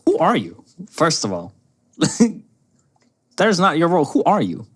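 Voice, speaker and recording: A man's voice: fairly high pitch, wildly swooping pitch, a little slow, a bit bright, breathy edge. A young man co-hosting a podcast, sarcastic and joking as he reacts to clips, laughing often. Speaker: podcast co-host. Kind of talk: casual reaction chat.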